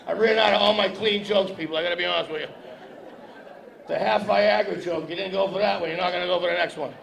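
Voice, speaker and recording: Guy doing crude standup, high gravelly voice, echoey hall, mic kinda far. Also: fairly even intonation, fast talker, a bit bright. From Massachusetts. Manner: brash, profane, teasing the audience. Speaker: stand-up comedian. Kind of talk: stand-up with crowd work. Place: breakfast event hall with audience. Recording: echoey hall, distant mic, crowd noise.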